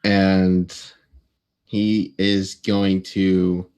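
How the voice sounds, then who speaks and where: A man playing a tabletop game, narrating his character's actions in a halting way with many pauses and fillers. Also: low-pitched, little pitch movement, darkish tone, clean tone.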